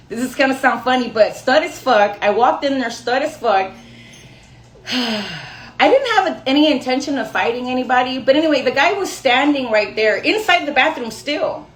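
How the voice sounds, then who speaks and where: A woman's voice: sits high, expressive, moderate pace, echoey room. A young woman telling a rambling personal story to her viewers in a chatty, self-mocking way. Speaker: storyteller vlogger. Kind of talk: casual storytelling to camera.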